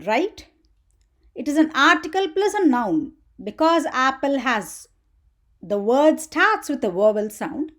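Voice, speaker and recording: A woman's voice: high voice, a bit bright. A woman teaching an English grammar lesson for children, asking the viewer questions as she goes. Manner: slow, sing-song teaching voice with questions to the viewer.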